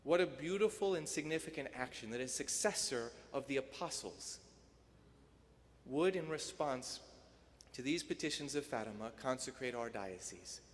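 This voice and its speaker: A man, a priest, giving a sermon in a rhetorical, emphatic style that swells to loud peaks and then drops soft. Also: mid-range voice, expressive, normal speed, slight background noise. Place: church. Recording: long church reverb.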